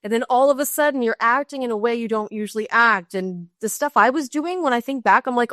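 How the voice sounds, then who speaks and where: Empathetic woman host, slightly high voice. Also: brisk, a bit bright, no room sound, clean studio sound. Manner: empathetic, agreeing and sharing her own story. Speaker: podcast host. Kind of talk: casual interview chat.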